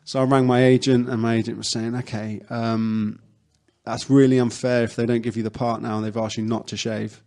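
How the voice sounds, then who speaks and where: A man's voice: medium pitch, little pitch movement, brisk, darkish tone. A young adult man, an actor guest, chatting casually in an interview and telling stories with lots of fillers and restarts.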